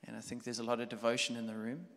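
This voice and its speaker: A man preaching a sermon as a pastor, talking conversationally and building from quiet reflection to loud, animated storytelling. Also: mid-range voice, rapid-fire. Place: church hall. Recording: long church hall reverb.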